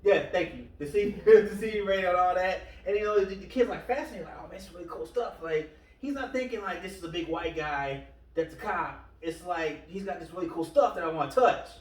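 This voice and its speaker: A man's voice: high-pitched, fairly quick. Male podcast host, loose rambling delivery, recorded off-mic in a roomy space. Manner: rambling, retells stories with quoted voices. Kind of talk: casual podcast chat. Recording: echoey room, far from the mic.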